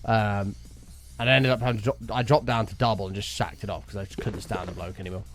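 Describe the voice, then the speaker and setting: A man's voice: lowish voice, fairly even intonation, fast talker, over music. Chatty man streaming a game. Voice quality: chatty, rambling, sweary storytelling. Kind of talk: casual gameplay chat.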